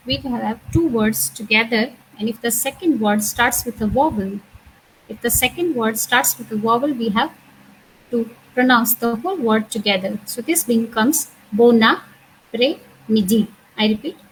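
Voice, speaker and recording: A woman's voice: a little high, a little hiss or hum, rough recording. A woman teaching an introductory French lecture, explaining patiently and repeating each sound and word, with frequent "uh" and "okay". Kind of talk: recorded university lecture.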